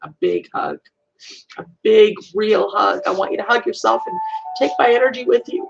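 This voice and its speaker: A woman hosting a live stream, speaking in a gentle, soothing and repetitive way while emotional. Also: medium pitch, normal speed, vocal fry, dull audio, faint music behind. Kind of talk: heartfelt live-stream message.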